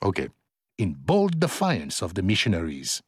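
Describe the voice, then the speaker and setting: A man's voice: medium pitch, very animated, unhurried, dry recording. An older man hosting a radio show, bantering playfully through studio outtakes, joking, laughing and breaking into silly song.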